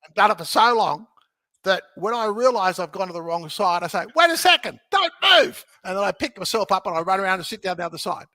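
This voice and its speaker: High bright guy, guest on a podcast, jokey and upbeat, keeps saying okay?, dry close sound. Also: steady tone, fast talker, dry recording. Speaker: podcast guest, real estate educator. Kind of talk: animated teaching in conversation.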